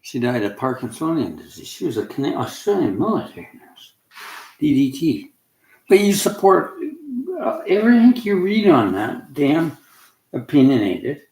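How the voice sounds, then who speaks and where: A man's voice: mid-range voice, very animated, normal speed, creaky, darkish tone. Agitated rambling man, echoey room. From Canada. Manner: rambling, agitated, breaks off mid-sentence. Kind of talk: agitated rant to camera.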